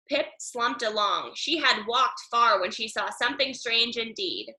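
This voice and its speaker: Bright, slow woman reading a picture book. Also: on the high side. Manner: slow, expressive, with sound effects. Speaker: storybook reader. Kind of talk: children's picture book read-aloud. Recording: echoey room.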